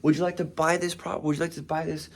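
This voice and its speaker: A man's voice: fairly high pitch, level tone, fast, pitched above the performer's own voice, close to an everyday voice. A man voicing a bubbly, overeager young male shop clerk who fires off eager sales questions in a raised voice.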